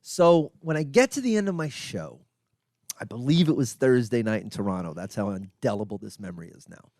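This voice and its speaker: A man's voice: medium pitch, animated, brisk, darkish tone. A man with a mid-range voice tells long, winding stories on a podcast, peppered with swearing. The sound is dry and close, with no room echo. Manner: profane, rambling storyteller. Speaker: podcast co-host, comedian. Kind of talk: casual chat, storytelling. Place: podcast studio.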